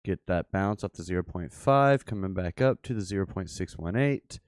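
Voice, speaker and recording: A man with a Memphis Southern accent giving casual live commentary over trading charts, rambling and thinking aloud with excited asides. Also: sits low, normal speed, clean tone, no room sound, clean studio sound. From Memphis, Tennessee. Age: adult father. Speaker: crypto streamer.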